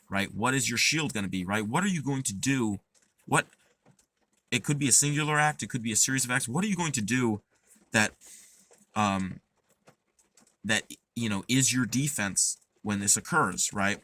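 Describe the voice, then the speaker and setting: A man's voice: lowish voice, normal speed, sharp tone. A young man talking in a casual, earnest way, rambling with lots of fillers and restarts as he gives advice. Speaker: podcast host.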